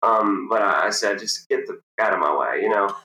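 A young man, a professional golfer, telling a story in a casual interview and acting out the people in it. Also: normal speed. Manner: animated storyteller, jumps high to act out quoted people. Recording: roomy echo.

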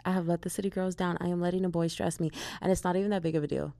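Young woman with a gravelly, low voice. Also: steady tone, racing, dark tone, no room sound. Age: young adult. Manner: chatty and slangy, with lots of "like". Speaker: podcast host. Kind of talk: casual solo podcast chat.

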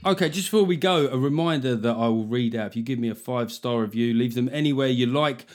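A man's voice: medium pitch, fast, soft background music. A middle-aged man hosting a podcast, chatting casually and making puns. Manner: jokey, punning, conversational. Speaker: podcast host. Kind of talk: casual comedic chat.

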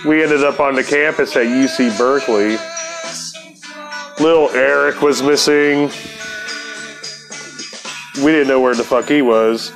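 A man's voice: mid-range voice, a little slow, pauses often, music in the background. A man telling a story from his past in a casual, laid-back way, cursing freely and laughing often.

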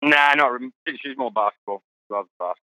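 A man with an Australian accent, a guest golf pro in casual podcast chat, halting and repeating words. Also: mid-range voice, pushed and bright, dry recording, poor audio.

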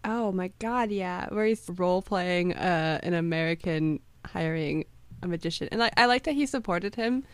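A woman's voice: fairly low pitch, moderate pace, smooth, no room sound. A young woman co-hosting a podcast, chatting casually and playfully, giggling often. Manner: playful, giggly, repeats lines for fun. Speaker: podcast co-host. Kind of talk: casual chat.

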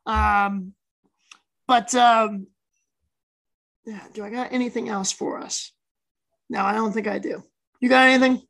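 A woman co-hosting a sports podcast in casual, excitable chat that often runs over her co-host. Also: fairly high pitch, unhurried, creaky, pauses often, rough recording.

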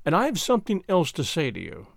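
A man's voice: wildly swooping pitch, quick pace, gravelly, dry recording, clean studio sound, exaggerated voice. A man doing a fretful, prim old schoolmaster. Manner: fretful, pleading, higher pitch. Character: fussy, timid male schoolmaster, anxious and prim.

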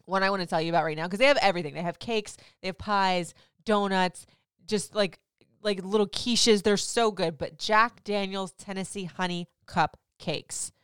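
A woman's voice: medium pitch, normal speed, fairly bright tone, smooth, no room sound, studio quality. A woman hosting a podcast, gushing about food in a chatty, casual way with lots of filler words. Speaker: podcast host. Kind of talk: casual chat.

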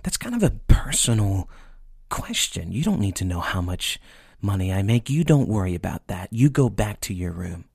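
A man's voice: low-pitched, sing-song, normal speed, creaky, darkish tone, breathy edge, no echo, studio quality, exaggerated voice. A man voicing a tired working father who stammers and snaps in irritation. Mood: irritated. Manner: exasperated, stammering.

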